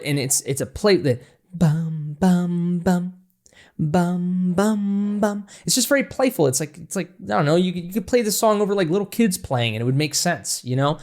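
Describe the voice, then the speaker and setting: Enthusiastic man breaking down a song. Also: a little high. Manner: enthusiastic, rambling with restarts, breaks into scatting and laughter. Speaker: music reaction channel host. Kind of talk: casual music analysis.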